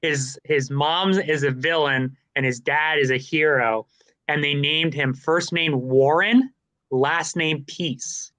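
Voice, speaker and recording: A man's voice: on the high side, unhurried, bright, forceful tone, dry recording. A man chatting casually on a livestream, rambling and joking, laughing often.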